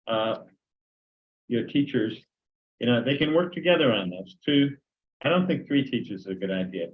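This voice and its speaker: An older man gives a conversational lecture to trainee teachers. His voice sits at an ordinary middle pitch. The recording is dull and lo-fi. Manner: conversational, acts out sample dialogues.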